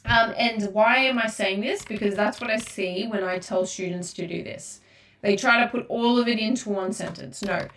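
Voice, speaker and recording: A woman's voice: mid-range voice, a bit bright. A woman with an Australian accent giving a casual exam-prep lesson, chatty and full of fillers. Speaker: tutor. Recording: echoey room, far from mic.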